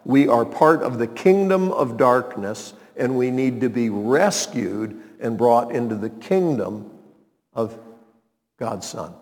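A man's voice: mid-range voice, lively intonation, slow, darkish tone, long reverb tail. A man preaching a radio sermon as pastor, emphatic and asking the listeners rhetorical questions.

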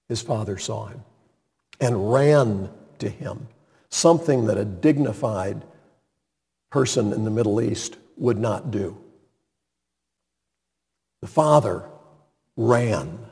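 A man's voice: mid-range voice, slow pace, creaky, long pauses, darkish tone, breathy edge. A man preaching a sermon, retelling a story with dramatic emphasis and sudden emphatic peaks. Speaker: pastor. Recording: reverberant hall.

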